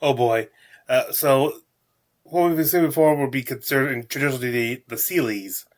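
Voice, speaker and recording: A man narrating and explaining a tabletop game recap, a bit halting. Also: medium pitch. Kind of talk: recap commentary.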